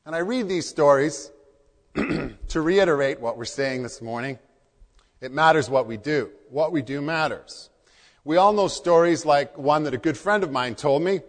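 A man preaching as a pastor in church, earnest and repeating key phrases for emphasis. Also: mid-range voice. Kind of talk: sermon. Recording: long hall reverb.

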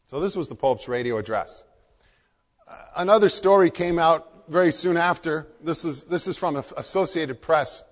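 Pastor preaching in an echoing hall. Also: male voice, on the high side, normal speed. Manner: earnest, repeats phrases for emphasis. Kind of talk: sermon. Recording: long hall reverb.

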